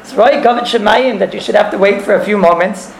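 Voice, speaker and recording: A man's voice: high-pitched, fast, gravelly, a little hiss or hum. A man teaching a religious class, explaining a text and telling stories, mixing in Hebrew and Yiddish terms and repeating phrases. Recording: echoey room.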